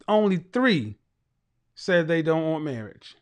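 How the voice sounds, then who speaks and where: A man's voice: on the high side, very animated, slow pace. A middle-aged man hosting a talk show, giving an emphatic lecturing monologue and repeating his points for weight.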